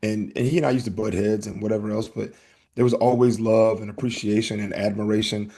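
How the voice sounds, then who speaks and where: A man hosting a casual podcast, telling a story in an animated way and acting out the back-and-forth. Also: on the low side, fairly quick, vocal fry. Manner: animated storytelling, acts out exchanges. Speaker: podcast host.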